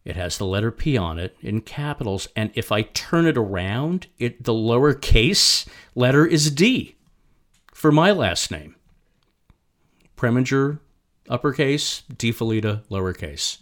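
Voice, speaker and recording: Middle-aged male storyteller, mid-range voice, halting delivery with frequent restarts. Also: medium pitch, animated. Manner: halting, repeats and restarts words. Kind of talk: personal storytelling.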